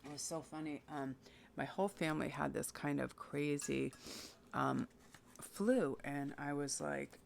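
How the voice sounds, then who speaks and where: A woman's voice: deep voice, measured pace, gravelly, slight background noise. A woman giving a casual tarot reading to her viewers, chatty, enthusiastic and encouraging. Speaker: tarot reader.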